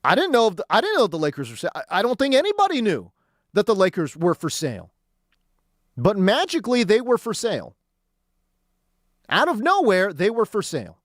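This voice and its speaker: Exasperated sports radio host ranting. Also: male voice, sits high, wildly swooping pitch, a little fast, pauses often, no echo, studio quality. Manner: heated, exasperated, emphatic repetition. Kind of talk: sports talk radio rant.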